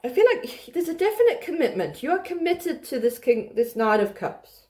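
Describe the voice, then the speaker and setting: Her voice is high and sing-song yet dark in tone, moving at an ordinary pace. She hosts a tarot channel, chatting to the camera, laughing, and frequently starting over as she interprets the cards.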